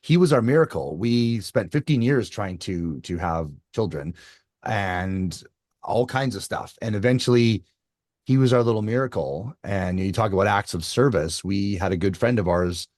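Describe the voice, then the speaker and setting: Man in his fifties, interview guest, animated storytelling, fairly low voice, dry close sound. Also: normal speed, no room sound. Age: 50s. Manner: animated, lively retelling with many restarts. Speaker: endurance athlete guest.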